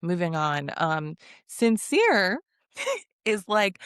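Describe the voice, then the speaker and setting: A young woman talks through a reality show in a loose, gossipy vlog style. She laughs often and acts out the cast's lines. Her voice sits a little low and sounds dry and close to the mic. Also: huge pitch swings, drawn-out words, pauses often, a bit bright, no echo. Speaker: reality TV recapper. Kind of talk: casual recap vlog.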